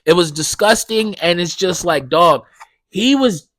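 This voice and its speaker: Guy ranting on his podcast, swears a lot, goes loud and high when he's mad, dry mic. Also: animated, a little slow, no echo. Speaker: podcast host. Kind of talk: casual ranting monologue.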